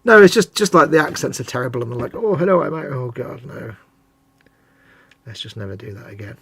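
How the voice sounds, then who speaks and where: A man's voice: medium pitch, very animated, a little fast, creaky, bright, forceful tone, breathy edge, dry recording. A man co-hosting a casual live stream while painting miniatures, chatting and ranting with playful mock voices. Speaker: co-host.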